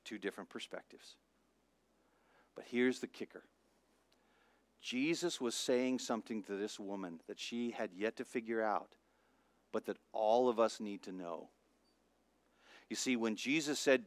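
A middle-aged man, a pastor, preaching a sermon with lively storytelling that swings between hushed and loud. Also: fairly low pitch, measured pace, long pauses, no echo. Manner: animated storytelling, acts out voices, swings from soft to loud.

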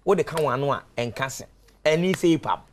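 A man on a talk show panel, telling animated stories and laughing often. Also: a little high, moderate pace, slight background noise.

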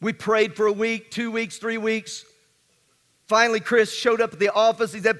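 A man preaching a sermon as pastor, swinging between hushed and emphatic delivery in a church sanctuary. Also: high-pitched, level tone, normal speed. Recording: long hall reverb.

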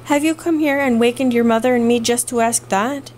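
A woman voicing a stern, tired farmer father with a gruff manner. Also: fairly high pitch, a little fast, darkish tone, slight background noise, lightly acted.

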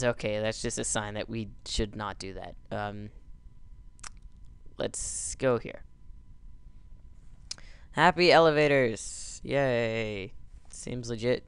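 Goofy, slow-talking gravelly male gamer. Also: on the high side, sing-song, fairly bright tone, no room sound. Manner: goofy, yelping over the game's crashes. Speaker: let's play gamer. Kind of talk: gameplay commentary.

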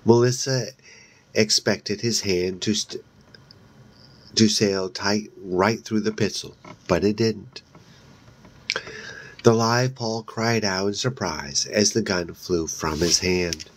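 A man's voice: on the low side, fairly even intonation. A man reading a horror novel aloud in a casual way, with slips and restarts along the way. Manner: reads slowly, with slips and restarts. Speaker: audiobook reader. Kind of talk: casual read-aloud narration.

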